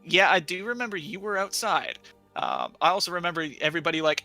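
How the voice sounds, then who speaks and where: A man at a game table, talking in a bright, forceful voice that swings all over in pitch. He jokes, swears and riffs with the others. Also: quick pace, vocal fry, faint music behind. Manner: animated, joking, swears freely. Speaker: player. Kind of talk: casual tabletop banter.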